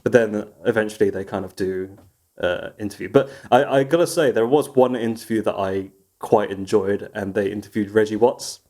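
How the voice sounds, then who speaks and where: Low-voiced rambling podcast co-host, man. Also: moderate pace, a little mellow. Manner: rambling, laughs often, mimics voices. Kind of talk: casual chat.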